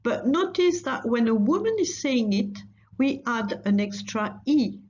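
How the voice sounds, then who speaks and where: A woman's voice: fairly high pitch, expressive, a little slow, a little mellow, highs cut off. A woman teaching a recorded language lesson, patiently repeating phrases for learners.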